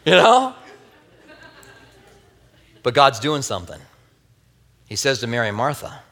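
In a lowish, slightly bright voice, this pastor preaches a very animated but unhurried sermon full of long pauses. He recounts a Bible story earnestly, adding wry remarks and a tender, grieving personal note, while a long hall reverb trails his words.

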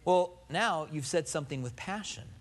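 A man's voice: a little high, normal speed. A man preaching a sermon as a pastor, asking the congregation rhetorical questions and acting out what people say. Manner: animated preaching, rhetorical questions and acted-out quotes.

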